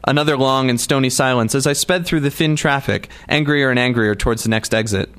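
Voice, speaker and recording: A man's voice: medium pitch, fairly quick, fairly bright tone. Man narrating a wry audiobook. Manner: wry, dry first-person storytelling.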